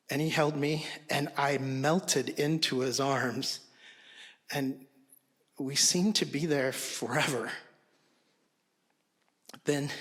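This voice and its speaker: A man telling a personal story on stage, in a slow, hushed and halting way. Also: mid-range voice.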